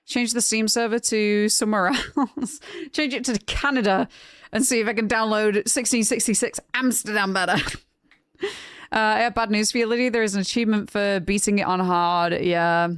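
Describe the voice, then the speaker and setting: A young woman streaming games, chatting casually with her viewers, frank and quick to laugh. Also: mid-range voice, fairly even intonation, clean tone, no echo, studio quality. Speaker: game streamer. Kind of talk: casual chat with live chat.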